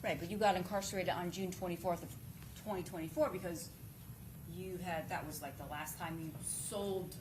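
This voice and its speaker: A woman's voice: on the low side, steady tone, normal speed, background noise. Woman cross-examining with leading questions. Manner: pointed, leading questions ending in "right?". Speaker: defense attorney. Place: courtroom.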